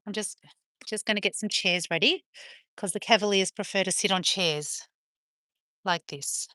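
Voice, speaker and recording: An Australian woman chats on a live stream from her farm, her voice dry and close with little room sound. She moves between easygoing talk with her viewers and quick calls to her dogs, in a middle-pitched, everyday voice. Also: sharp tone, no room sound. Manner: chatty, talks to her dogs and viewers in turn. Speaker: livestreamer on a farm. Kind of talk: casual live-stream chat.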